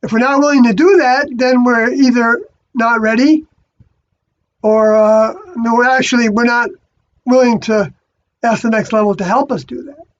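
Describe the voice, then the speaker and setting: Halting, self-correcting spiritual speaker, mid-pitched voice, muffled lo-fi audio. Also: steady tone. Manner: halting, many fillers and restarts, self-correcting. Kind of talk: rambling spiritual monologue. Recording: dull lo-fi recording.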